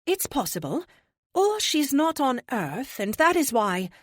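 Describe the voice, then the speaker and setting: A serene, knowing oracle with a sing-song lilt, put on by a woman reading an audiobook. Her voice floats a little higher and feels slightly distant, unhurried and gentle. Dry, close audiobook sound. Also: sing-song, no room sound, full character voice. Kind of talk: audiobook character voice.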